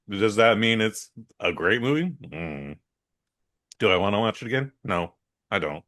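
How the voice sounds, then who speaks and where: A man trades stories on a casual podcast. His voice sits somewhat low, and he tells anecdotes with animated energy and plenty of cursing. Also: a little slow. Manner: animated storyteller, swears freely, acts out quotes. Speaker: podcast co-host. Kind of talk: casual chat.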